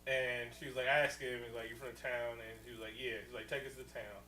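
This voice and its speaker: A man co-hosting a casual podcast, recapping a movie in slangy, animated talk, laughing often and acting out the characters. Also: medium pitch, quick pace. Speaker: podcast co-host. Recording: echoey room, far from mic, faint hum.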